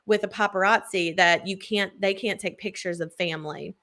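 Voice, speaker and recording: Woman, casual chat, gushing recap, mid-pitched, filler-heavy. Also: fairly even intonation, normal speed, fairly bright tone.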